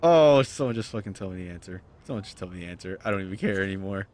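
A man's voice: low-pitched, animated, quick pace, darkish tone. A young man narrating his own gameplay, frustrated, cursing and muttering to himself. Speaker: gaming streamer. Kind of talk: let's-play commentary.

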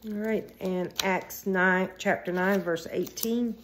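A woman reading a daily devotional and scripture aloud, then praying, in an earnest and slightly halting way. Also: medium pitch, steady tone, fairly bright tone, a little hiss or hum. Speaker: devotional vlogger.

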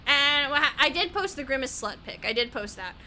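A woman's voice: sits high, animated, fairly quick, pushed and bright, a little hiss or hum. A woman gaming streamer chatting casually while she plays, rambling, giggly, easily sidetracked and swearing a lot.

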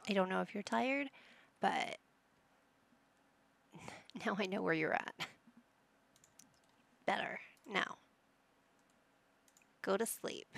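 A woman's voice: medium pitch, creaky. A woman giving casual commentary while playing a life-simulation game, chatting to the characters and reading options aloud. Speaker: gaming YouTuber.

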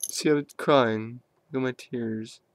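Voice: mid-range voice, slow pace, dry recording. A young vlogger talking to the camera in a goofy home-video monologue, silly and full of jokes. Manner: silly, swings in and out of joke voices.

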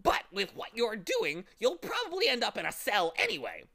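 A man voicing a dirty, malicious bird that shrieks high and twists every word. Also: wildly swooping pitch, normal speed, creaky, noisy background, heavily acted. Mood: amiable. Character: filthy malicious cackling bird, shrieking and haughty.

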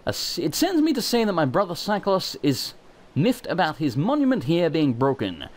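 Guy doing a chummy cloud frog wind god, kinda high, bouncy, game music faint underneath. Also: huge pitch swings, normal speed. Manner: chummy, folksy, reading game dialogue aloud.

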